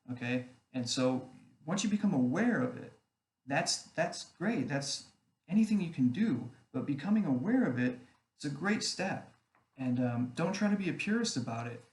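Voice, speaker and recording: A man rambling casually to camera, often checking in with "okay?" as he goes. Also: a little high. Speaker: online group admin. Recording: echoey room, faint background noise.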